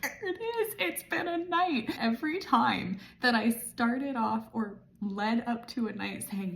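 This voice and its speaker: A woman's voice: fairly high pitch, normal speed, hardly any pauses. A woman writer vlogging her progress late at night, crying and laughing as she rambles, sometimes dropping to a whisper. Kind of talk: late-night casual vlog. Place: indoors at her computer.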